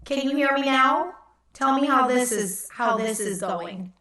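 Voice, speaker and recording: Her voice is high, bright and forceful, with a measured pace, and she sits far from the mic. She's a woman in her thirties hosting a casual home live stream, playfully chatting and cooing at her baby, recorded on a computer mic in an echoey room.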